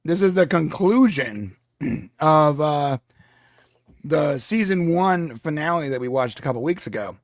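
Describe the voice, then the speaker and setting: A man's voice: on the high side, lively intonation, a little slow, no echo, clean studio sound. A man hosting a live watch-along stream, chatting casually and laughing often. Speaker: stream host.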